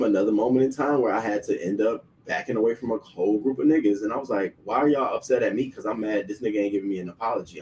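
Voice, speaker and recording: A man's voice: on the low side, distant mic, a little hiss or hum, low-quality recording. A man hosting his own show, telling a personal story in casual, profane speech and acting out the people he quotes. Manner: profane, animated, acts out quoted voices. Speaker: show host.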